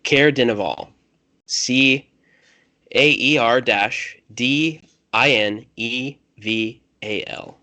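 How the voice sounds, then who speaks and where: A man's voice: mid-range voice, extremely slow, bright, forceful tone, no room sound. A man running a tabletop game as game master, talking casually and correcting himself as he goes.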